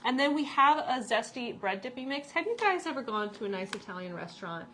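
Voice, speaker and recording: A woman's voice: fairly high pitch, big pitch swings, brisk, fairly bright tone, slight background noise. A woman from Nebraska in casual chat, presenting products in her store and laughing often. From Nebraska, USA.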